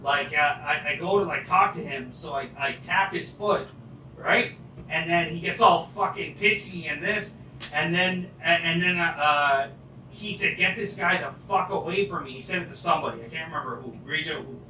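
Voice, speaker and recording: A man's voice: a little high, moderate pace, sharp tone. A man hosting a podcast, telling stories casually with a lot of laughing and swearing. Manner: laughing often, swearing storyteller. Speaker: podcast host. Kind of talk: casual chat. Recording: echoey room, faint noise, far mic.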